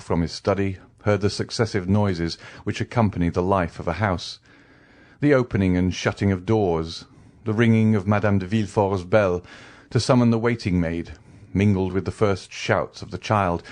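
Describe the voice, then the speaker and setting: A man narrating a classic novel as an audiobook, reading in a measured way. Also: sits low, darkish tone. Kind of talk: scripted narration.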